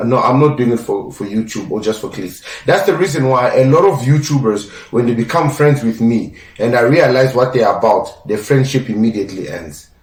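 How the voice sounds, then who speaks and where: A young adult man holds forth on his podcast in an emphatic, lecturing manner, hammering his points by repeating them. His voice sits at an ordinary middle pitch. It reaches the mic from a distance, with a roomy echo around it. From South Africa. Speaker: podcast host. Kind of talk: casual opinion podcast monologue.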